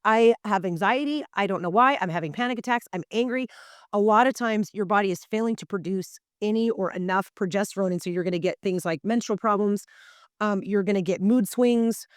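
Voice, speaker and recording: A woman's voice: mid-range voice, no echo, clean studio sound. Earnest woman podcast host. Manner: earnest, emphatic, talks straight to listeners. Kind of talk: casual health podcast talk.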